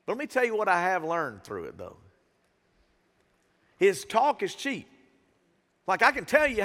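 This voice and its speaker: High-voiced preaching man in a reverberant hall. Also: unhurried, pauses often. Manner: animated preaching with sudden swings between soft and loud; calls out to the congregation. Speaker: pastor. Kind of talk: sermon. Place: church sanctuary with a live congregation.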